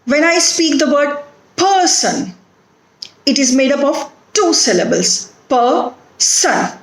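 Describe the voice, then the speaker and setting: Woman, Indian English accent, slow deliberate lecture, fairly high voice, echoey room. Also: sing-song. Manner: slow, deliberate, repeats words to model stress. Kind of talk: recorded phonetics lecture.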